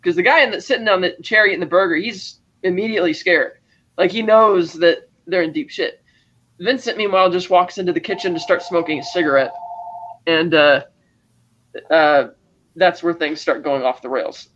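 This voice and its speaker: A man's voice: sits high, moderate pace, a bit bright, highs cut off. A man co-hosting a podcast, retelling film scenes in casual chat, chuckling as he acts out the characters' lines. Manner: narrates scenes, acting out quoted lines with chuckles. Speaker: podcast co-host.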